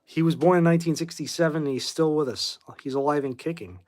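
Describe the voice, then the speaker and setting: A man's voice: on the high side, steady tone, quick pace, darkish tone. A man in his forties from Boston, hosting a casual livestream chat and answering viewer questions in a rambling, offhand way with blunt opinions. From Boston, Massachusetts. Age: 40s. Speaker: host.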